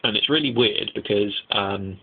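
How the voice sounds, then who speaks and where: A young man rambles through an anime episode recap, excitable and swearing freely. His voice sits a bit low, gravelly and husky. It comes through a tinny, phone-like recording. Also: normal speed, background noise. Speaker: anime reviewer. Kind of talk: casual spoken review. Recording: tinny lo-fi mic.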